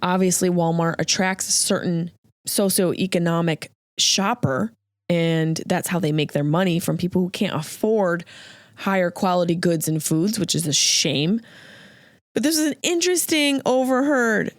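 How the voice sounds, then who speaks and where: A woman hosting a podcast, telling a comic story in an animated, jokey way and acting out the voices of the people in it. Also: on the low side, normal speed, no echo, studio quality. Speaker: podcast host. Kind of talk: comedic storytelling monologue.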